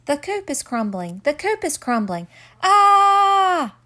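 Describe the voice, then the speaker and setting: A woman's voice: on the high side, very animated, moderate pace, voice pushed up. A woman voicing a panicky little chicken. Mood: panicked. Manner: frantic, shrieking alarm.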